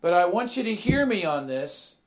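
A man preaching a sermon, emphatic and repetitive, asking his listeners questions and swinging from soft asides to shouted emphasis. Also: high-pitched, big pitch swings, moderate pace. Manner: emphatic, repeats key phrases, asks the congregation questions.

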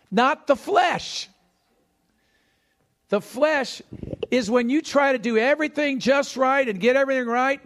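A man preaching a sermon, teaching verse by verse and acting out the voices in the story while quizzing the congregation. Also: very high-pitched. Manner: animated, calls to the congregation with questions.

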